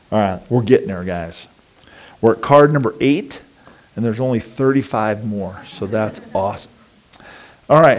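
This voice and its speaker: A man preaching a sermon in a casual, conversational way, often acting out the anxious thoughts of his listeners. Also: mid-range voice. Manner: conversational and animated, acting out inner voices. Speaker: pastor.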